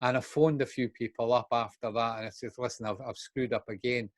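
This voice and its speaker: A man's voice: medium pitch, steady tone, fairly quick, no room sound. An older Scottish man telling his own story in a frank, unguarded way. He slips into the voices of the people he remembers as he goes. The recording is dry and close. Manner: frank, acts out remembered dialogue. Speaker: guest speaker in recovery. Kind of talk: candid personal storytelling.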